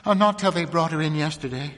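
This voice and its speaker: A man reading a story aloud, putting on the soft, hesitant voice of a timid middle-aged sheriff's wife. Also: on the high side, quick pace, big-room sound, pitched above the performer's own voice, natural voice.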